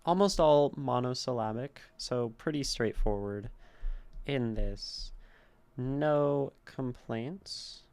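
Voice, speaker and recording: A man's voice: medium pitch, takes it slowly, darkish tone, clear, resonant tone. A man streaming a casual poetry critique, thinking aloud and sounding out the stresses of words. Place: home streaming setup.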